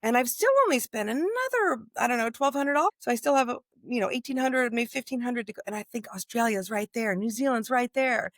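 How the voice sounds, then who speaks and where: A woman's voice: on the high side, fairly quick, hardly any pauses, no echo, studio quality. A woman in her fifties from the United States, a guest author telling travel stories in a casual interview and acting out the dialogue. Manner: animated storyteller, acts out quoted dialogue.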